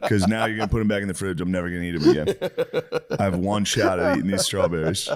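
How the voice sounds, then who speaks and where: A man's voice: low-pitched, steady tone, quick pace. A man co-hosting a comedy podcast, teasing and laughing often, swearing casually. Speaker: podcast co-host. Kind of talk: casual chat.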